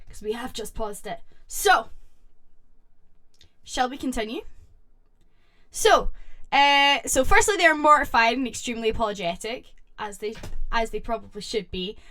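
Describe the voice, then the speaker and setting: With a slightly high voice, a young woman streamer talks casually with her audience and reads stories out loud. She's excitable and reacts loudly.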